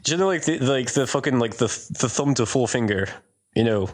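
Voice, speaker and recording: A man's voice: medium pitch, animated, quick pace. A man in a casual film discussion, rambling and filling his talk with "like" and "you know.".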